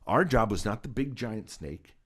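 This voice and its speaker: Lively low-voiced man telling stories. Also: normal speed, breathy edge. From Southern California. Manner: animated storyteller, acts out voices, laughs often. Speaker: guest, special effects artist. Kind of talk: casual storytelling interview.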